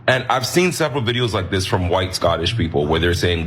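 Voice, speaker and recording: A man's voice: low-pitched, expressive, a little fast, a bit bright, a little hiss or hum. A man giving earnest, emphatic commentary to camera.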